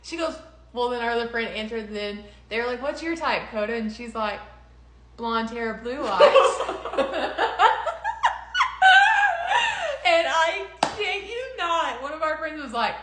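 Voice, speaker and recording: A woman's voice: a little high, a bit bright, reverberant. A young woman in casual conversation, telling a personal story with lots of laughter and quoted voices. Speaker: podcast co-host.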